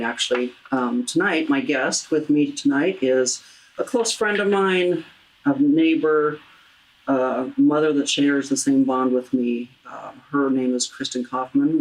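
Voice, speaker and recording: Deep-voiced woman hosting an earnest talk. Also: low-quality recording. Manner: earnest, halting, with many restarts. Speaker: talk show host. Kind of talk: heartfelt interview about grief.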